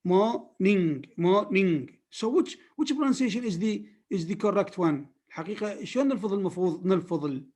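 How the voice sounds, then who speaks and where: A man's voice: sits high, animated, rapid-fire, few pauses, darkish tone, slightly rough. A man lecturing a class on phonetics, repeating words and often checking that his students follow. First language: Arabic.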